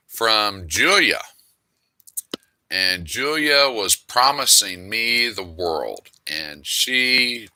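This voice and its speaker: Casual male author, middle-aged, lowish bright tone, dry close sound, sardonic. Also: smooth, no echo. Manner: wry, exasperated asides. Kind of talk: casual monologue reading emails aloud.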